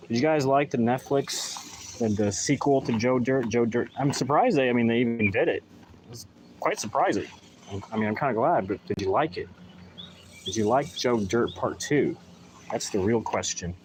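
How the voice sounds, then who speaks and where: A man's voice: medium pitch, moderate pace, a little hiss or hum, poor audio. A man chatting casually in a live vlog while potting plants in a garden, rambling with sarcastic mock enthusiasm, recorded on a phone in his hand. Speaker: gardening vlogger. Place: outdoor garden. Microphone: phone held in hand.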